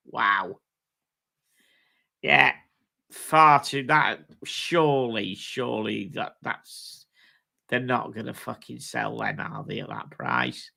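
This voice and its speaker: A man's voice: mid-range voice, gravelly, sharp tone. A British man hosting a live stream, chatting casually with viewers in a blunt, sweary way. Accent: British English. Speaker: livestream host. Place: home streaming setup.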